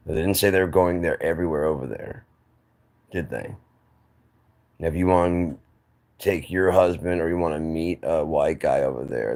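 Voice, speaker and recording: A man's voice: a bass voice, gravelly, darkish tone. A man talking casually on his own channel, giving rambling, opinionated takes with frequent restarts. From United States. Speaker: channel host. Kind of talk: casual monologue to camera.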